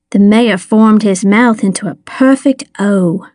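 Slow, measured woman narrating an audiobook. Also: mid-range voice, darkish tone, no echo, clean studio sound. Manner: measured, wry storytelling. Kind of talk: first-person audiobook narration.

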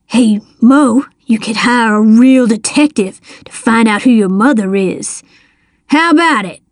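A woman's voice: a little high, unhurried, no room sound, studio quality, close to an everyday voice. A woman voicing a cold, sly middle-aged male crook in an audiobook, bribing and snarling. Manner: sly, wheedling, then snarling.

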